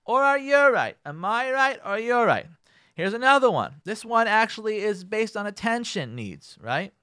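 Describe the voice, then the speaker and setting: Lively, bright-voiced rabbi lecturing. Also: male voice, high-pitched, normal speed, smooth, no echo, clean studio sound. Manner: animated, acts out both sides of arguments; uses Hebrew and Yiddish words. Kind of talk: radio lecture on marriage.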